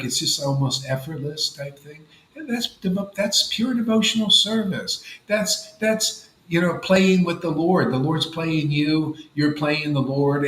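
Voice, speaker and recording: A man giving an informal devotional talk to a gathering, casual and animated, often saying "man" and "you know". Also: a little high, roomy sound, rough recording. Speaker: spiritual teacher.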